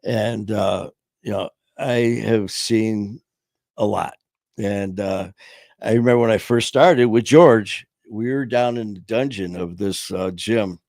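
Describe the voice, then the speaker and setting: Low-voiced man in his sixties, telling stories. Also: darkish tone, no echo, clean studio sound. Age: 60s. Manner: loose, profane storytelling peppered with "man" and "you know". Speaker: podcast host. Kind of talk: casual storytelling interview. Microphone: streaming podcast mic.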